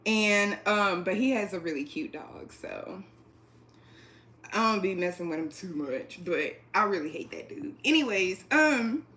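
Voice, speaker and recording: A woman hosting a casual livestream from her apartment, talking straight into a phone or webcam, blunt and profane, laughing quickly and reading the chat aloud. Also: mid-range voice, lively intonation, a bit bright. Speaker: livestream host. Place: indoors at home, an apartment.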